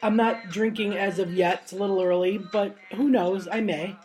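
A woman's voice: mid-range voice, steady tone, normal speed, darkish tone, soft background music. A woman hosting an internet radio show, chatting in a loose, rambling way and joking about herself. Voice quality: rambling, joking, self-mocking. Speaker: podcast host. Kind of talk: casual chat.

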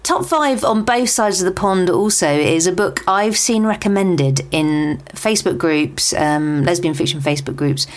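Chatty British podcast host, a woman with a lowish voice, reading a book roundup with asides. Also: expressive, moderate pace, few pauses. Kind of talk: scripted book chart roundup.

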